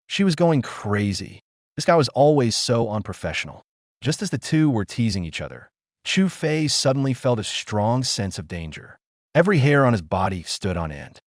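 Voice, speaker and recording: A man narrating a dramatic story in a scripted, lively way. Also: mid-range voice, normal speed, no echo, studio quality.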